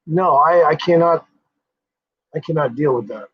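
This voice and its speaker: Guy with kinda high husky voice, rambling n swearing on a live stream, muffled lo-fi audio. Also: measured pace. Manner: rambling, swears freely, trails off with fillers. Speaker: livestream host. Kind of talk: casual rambling livestream chat. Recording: dull lo-fi sound.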